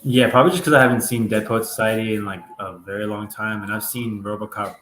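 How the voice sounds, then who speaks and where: A man on a panel in a casual movie podcast, speaking in a relaxed, meandering way. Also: fairly low pitch, fast talker, a little hiss or hum. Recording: roomy echoey mic.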